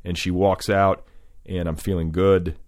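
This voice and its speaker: Low-pitched and darkish, this man's voice comes across flat and unhurried, with studio-quality sound and no room noise. As a podcast host, he wanders through a long story full of fillers and restarts, correcting himself along the way, then brings in his guest.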